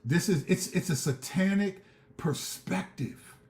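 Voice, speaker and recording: A man's voice: high voice, expressive, measured pace, darkish tone, roomy sound. A man hosting a live stream, reading scripture and ranting fervently in street slang, often repeating himself. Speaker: show host.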